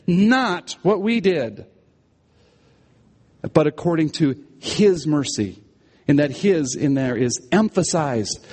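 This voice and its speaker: A man's voice: fairly high pitch, darkish tone, long reverb tail. A man preaching a sermon, emphatic, repeating key phrases and asking the listeners rhetorical questions. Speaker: pastor.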